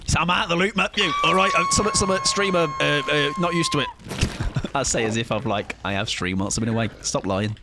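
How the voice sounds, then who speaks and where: A man's voice: fairly high pitch, fairly quick, very noisy. A man streaming a game live, chatting with his viewers in a casual, jokey way. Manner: chatty, jokey, reads chat aloud. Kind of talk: casual live-stream chat while gaming.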